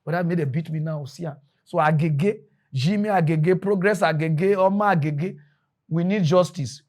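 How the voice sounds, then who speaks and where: A man with a Nigerian Pidgin accent, ranting in animated commentary as a mock news presenter. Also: fairly high pitch, moderate pace.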